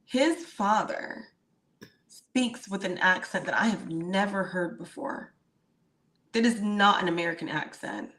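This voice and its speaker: Bright woman co-hosting a playful chat. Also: medium pitch, measured pace. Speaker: co-host. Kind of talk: casual recap chat.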